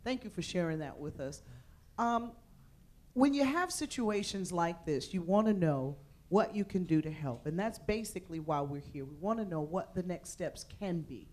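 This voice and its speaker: A woman's voice: on the low side, animated, normal speed. Woman moderator guiding a panel. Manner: warm, encouraging, asks follow-up questions.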